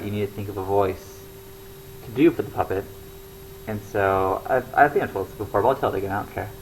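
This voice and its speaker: A man's voice: lowish voice, a little hiss or hum, poor audio. A young man talking casually to camera, rambling with lots of fillers and restarts. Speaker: comedy show regular.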